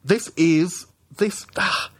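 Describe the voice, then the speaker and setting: A man's voice: sits high, very slow, no echo. Man talking politics over beers. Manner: hesitant restarts, swearing, building an argument. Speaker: podcast co-host. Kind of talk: casual political chat.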